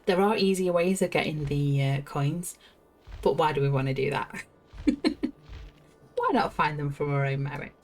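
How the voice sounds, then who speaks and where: Brief: woman, game streamer, lowish voice, chatty and giggly, faint music behind. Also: expressive, moderate pace, long pauses, a little mellow. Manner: chatty, giggly, talks to herself. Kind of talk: casual gameplay commentary, reading quest text aloud.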